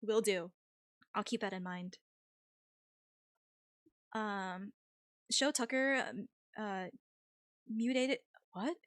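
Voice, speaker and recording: Slow, easygoing streamer woman, dry close mic. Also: mid-range voice, fairly even intonation, no echo. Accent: American with a faint Vietnamese tinge. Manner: easygoing, chatty, laughs often, many ums. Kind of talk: casual chat reading viewer messages.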